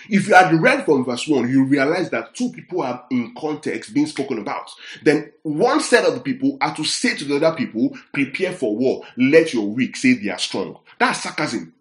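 A man preaching a Bible-teaching sermon. He speaks emphatically and keeps checking in with his listeners. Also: medium pitch. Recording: roomy echoey sound.

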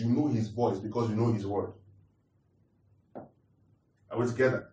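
In a room full of echo, picked up from a distance, a man with a mid-range, darkish voice gives a teaching sermon. He repeats his points and asks the congregation questions.

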